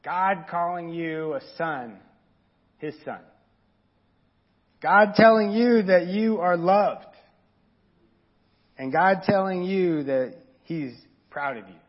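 A man's voice: sits high, animated, slow pace, pauses often, highs cut off. A man preaching an informal, earnest sermon and talking straight to his congregation. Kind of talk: conversational sermon.

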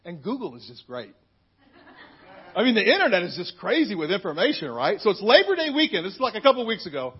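Husky high-voiced man in his fifties. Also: wildly swooping pitch, fast talker, lo-fi sound. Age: 50s. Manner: candid, storytelling, frequent asides. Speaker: minister giving a personal testimony. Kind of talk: conversational church testimony.

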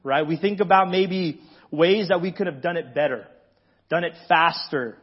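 Conversational pastor preaching, muffled sound. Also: male voice, on the high side, moderate pace, slightly rough. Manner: conversational, asks the congregation "right?" often. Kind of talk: sermon. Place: church sanctuary.

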